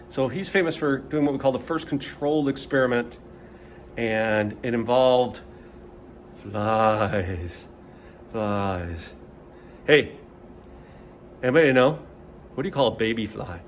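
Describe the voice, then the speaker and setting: A man's voice: mid-range voice, a little hiss or hum. A man teaching a casual video lesson, joking and rambling with many fillers.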